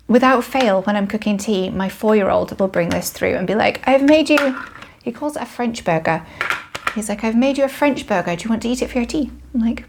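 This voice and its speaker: Chatty British mum reviewing toys. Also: female voice, mid-range voice, noisy background. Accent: British English. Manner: chatty and frank, many ums and self-corrections. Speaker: parenting vlogger. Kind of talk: casual toy review to camera.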